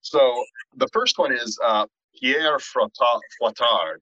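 A middle-aged man co-hosting a horror podcast in casual chat, animated, tripping over restarts and swearing freely. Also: medium pitch, takes it slowly, no echo. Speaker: podcast co-host. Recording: dull, lo-fi and dry.

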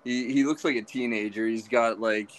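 A man's voice: mid-range voice, steady tone, moderate pace. Rambling man in his thirties. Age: 30s. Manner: rambling, profane, self-deprecating. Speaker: podcast co-host. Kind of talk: casual storytelling.

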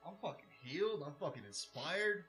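A man's voice: on the high side, animated, normal speed, bright, forceful tone, soft background music. A man playing a tabletop game, talking in crude, profane, joking banter. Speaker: player. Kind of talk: casual chat at a tabletop game.

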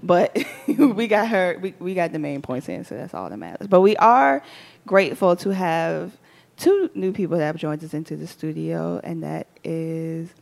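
A woman hosting a casual talk show from a studio, chatty and quick to laugh. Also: on the low side, animated, creaky, darkish tone. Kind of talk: casual chat.

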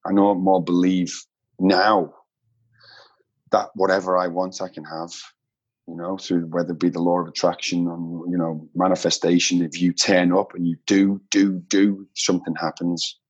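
A man's voice: low voice, little pitch movement, moderate pace, breathy edge, dull audio. A man speaking earnestly and reflectively as a guest in a casual conversation. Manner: earnest, reflective, builds up emphatically.

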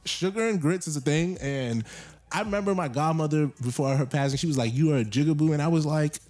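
A young man co-hosting a podcast chats casually, joking and launching into rambling rants about his pet peeves. His voice is a little high and darkish in tone, with a fairly quick pace.

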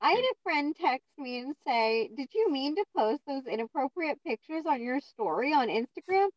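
Woman podcast cohost, high voice, chatty storyteller, dry close mic. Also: big pitch swings, normal speed, no echo, dull audio. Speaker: podcast co-host. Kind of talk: casual chat.

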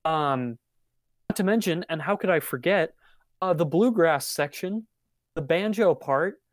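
A podcast co-host chatting casually at an unhurried, halting pace, full of fillers and quick laughs. The voice sits close and dry, with no room around it. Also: medium pitch, animated, no room sound. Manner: hesitant, with many fillers and frequent laughter. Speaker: podcast co-host reviewing an album. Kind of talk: casual chat.

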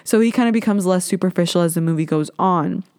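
A young adult woman hosting a casual solo podcast, talking in an animated, ranting way and swearing freely. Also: on the low side, fast talker, no echo, clean studio sound. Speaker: podcast host.

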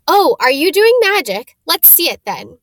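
A woman voicing a bossy, know-it-all young schoolgirl witch who chatters fast and eagerly. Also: high-pitched, sing-song, dry recording, pitched above the performer's own voice.

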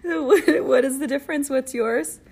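A woman's voice: high voice, normal speed, a little mellow. A woman co-hosting a casual advice chat, agreeable and giggly, thinking aloud as she goes. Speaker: podcast co-host.

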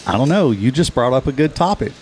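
Man teasing with deadpan questions. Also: mid-range voice, fast talker. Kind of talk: casual chat.

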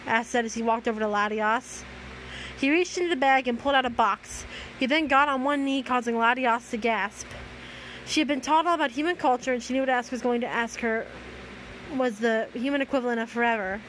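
A young woman with a high voice reads a fan story aloud, tripping over words and correcting herself. She breaks off now and then for dry, sarcastic remarks, with faint noise behind her. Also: fairly quick, a bit bright, rough recording. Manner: sarcastic asides, stumbling and self-correcting. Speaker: host reading fan fiction. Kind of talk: reading fan fiction aloud with commentary.

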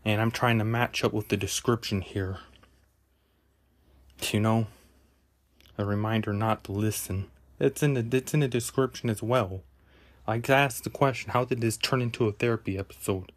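A man hosting a solo podcast, rambling and halting, correcting himself and often dropping into a whisper. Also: on the low side, steady tone. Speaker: podcast host.

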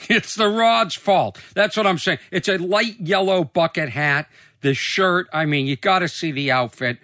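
A comedian hosts his own podcast in a recording studio, speaking in a high-pitched, sharp-toned voice at an unhurried pace. The sound is clean, with no room sound, as he delivers a loose, casual monologue, swearing freely and mocking himself.

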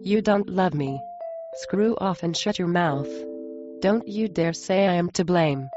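An actress playing a cruel wife who hurls insults at her husband in a flat, cold way, in a muffled recording with music underneath. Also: lowish voice, measured pace, lightly acted. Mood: contemptuous. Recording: muffled sound with music behind.

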